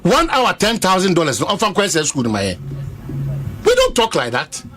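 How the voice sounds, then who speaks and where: A Ghanaian man with a strikingly high, lively voice argues politics on a panel. He is emphatic and insistent and keeps cutting in over the others. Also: normal speed. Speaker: political commentator. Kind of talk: heated political panel debate.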